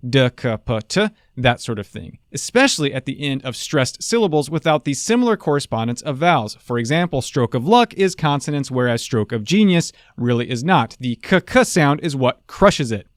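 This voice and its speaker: A man's voice: mid-range voice, big pitch swings, moderate pace, hardly any pauses, dry recording, studio quality. A man hosting a scripted public speaking lesson in a playful, jokey manner. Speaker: host and public speaking teacher.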